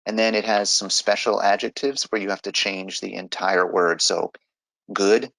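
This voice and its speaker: A man's voice: sits low, vocal fry, a bit bright, dry recording, poor audio. A man teaching an online grammar lesson, explaining step by step in a patient way.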